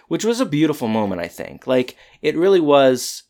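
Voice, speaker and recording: A man's voice: on the high side, big pitch swings, moderate pace, darkish tone. A man in casual conversation, retelling a TV episode scene by scene and acting out the characters' lines. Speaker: podcast co-host recapping a TV episode. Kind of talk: casual chat.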